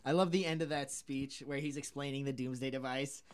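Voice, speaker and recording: An enthusiastic man gushes about a film he loves in casual conversation. His voice sits at a middle pitch. The sound is dry and close. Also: steady tone, brisk, clear, resonant tone, no echo. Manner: enthusiastic, gushing praise.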